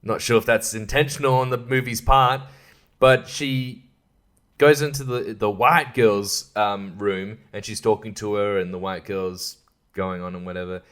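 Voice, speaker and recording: A man's voice: lowish voice, fairly even intonation, a little slow, a bit bright, clear, resonant tone. A man hosting a podcast, reviewing a film in a sarcastic, rambling way, with lots of swearing and laughter at his own jokes. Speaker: podcast host.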